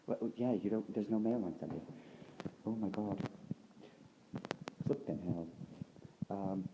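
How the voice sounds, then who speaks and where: A man's voice: on the low side, measured pace, dull audio, background noise. A young man with a put-on American accent, talking casually in a rambling, sweary way full of ums and likes. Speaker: vlogger.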